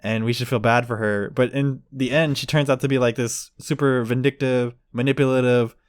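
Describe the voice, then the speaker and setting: A man's voice: medium pitch, steady tone, brisk, clean tone, no echo. Casual podcast co-host, male, chatty storyteller who does the quotes, dry sound. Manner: rambling, acts out quotes with voices. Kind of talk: casual chat.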